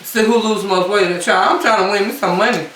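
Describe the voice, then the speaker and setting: A woman vlogger chatting casually to camera between bites, often pausing on long hums. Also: mid-range voice, steady tone, a bit bright, a little hiss or hum. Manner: chatty, talks between bites with drawn-out mms. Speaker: mukbang vlogger. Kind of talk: casual eating chat to camera. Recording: roomy sound from a distance.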